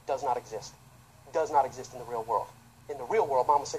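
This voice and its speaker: A male pastor preaches with fervor, his mid-range voice climbing into loud bursts and then dropping to hushed, low asides. A faint hiss of noise sits under the recording. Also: quick pace, rough recording. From United States. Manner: impassioned, swinging between loud outbursts and quiet, low asides. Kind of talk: sermon.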